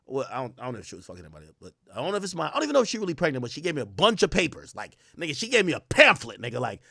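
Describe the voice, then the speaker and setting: A young adult man spins a personal story in loose, profane streamer talk. He jumps between loud bursts and low mutters and acts out the people he quotes. His voice sits fairly high, and it is recorded close and dry with no room sound. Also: very fast, gravelly, no room sound. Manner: animated, swears a lot, acts out quoted voices. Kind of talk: casual storytelling rant.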